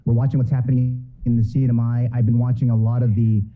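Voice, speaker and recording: A man calls in as a podcaster guest on a radio show. He is friendly and a little hesitant, with a voice of middling pitch. The call sounds thin and phone-like. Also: flat delivery, fast. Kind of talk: casual radio chat. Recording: tinny phone line.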